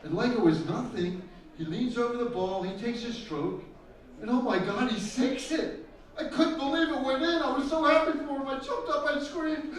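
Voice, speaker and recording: A man's voice: very high voice, expressive, moderate pace. A middle-aged man doing live stand-up comedy with crude, teasing crowd work, laughing at his own jokes. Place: live event stage with audience. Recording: echoey hall taken from a distance with music.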